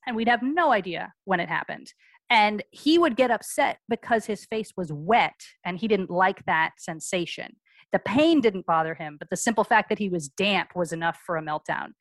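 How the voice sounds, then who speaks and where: A frank, brisk woman in her forties tells her story as a podcast guest. Her voice sits at an ordinary middle pitch. The sound is dry and close, with no room around it. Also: fairly bright tone, dry recording. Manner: frank, brisk, acts out quoted dialogue. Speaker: guest, mother.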